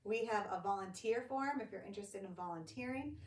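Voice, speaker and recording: A fairly quick, medium-pitched woman, a guest who directs a ministry, tells a story conversationally and performs the quoted voices with animation. The church studio or room adds echo, and the far-off mic leaves a faint hiss.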